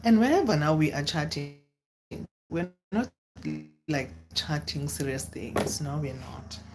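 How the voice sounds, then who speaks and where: A young woman, telling a personal story to camera in a casual, dramatic way with sudden high exclamations. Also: very animated, unhurried, very noisy. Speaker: vlogger.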